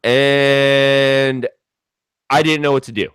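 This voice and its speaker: A man's voice: mid-range voice, takes it slowly, smooth, no echo. A young man tells a story in a loose, rambling way. He swears freely, fills his talk with "like," and acts out the other people's lines. His voice sits in a middle range and sounds dry, with no room around it. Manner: rambling, profane, animated retelling with many fillers. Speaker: storyteller guest. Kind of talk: casual storytelling chat.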